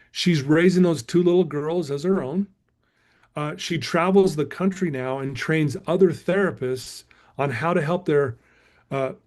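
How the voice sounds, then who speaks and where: A man's voice: a little high, darkish tone. A middle-aged man, a guest speaker, telling a motivational story emphatically and calling his listeners "guys".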